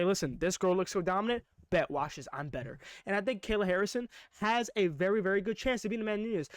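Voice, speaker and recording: A man giving a live, unscripted fight breakdown as a reaction vlogger, excitable and rapid-fire, stacking up emphatic repeated phrases. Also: high-pitched, no room sound, clean studio sound. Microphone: own microphone.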